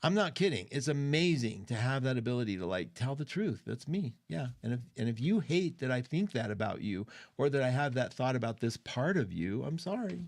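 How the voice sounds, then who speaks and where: A man's voice: mid-range voice, big pitch swings, moderate pace, creaky, hardly any pauses, darkish tone. Chatty, opinionated male astrology host. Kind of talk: casual livestream talk.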